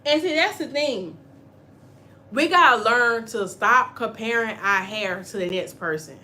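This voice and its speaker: A woman hair stylist hosting a casual spoken class on hair care, talking in an animated, chatty way and acting out the voices of people she quotes. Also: a little high, unhurried. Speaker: natural hair stylist and channel host.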